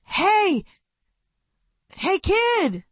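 A woman voicing a young man who yells urgent warnings across a street in a storybook reading. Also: extremely high pitch, a little slow, no room sound, pitched above the performer's own voice. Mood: yelling urgently. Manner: urgent yelling.

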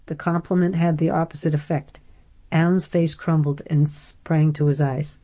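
A woman narrating an audiobook in a steady storytelling manner. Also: sits low, normal speed.

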